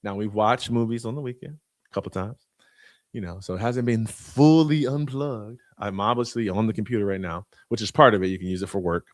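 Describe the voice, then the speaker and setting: A man in his thirties hosting a live online community call, shouting out names with slangy, excitable energy and talking casually while sharing his screen. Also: lowish voice, brisk, dry recording, studio quality. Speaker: host. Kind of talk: hype-filled live community broadcast.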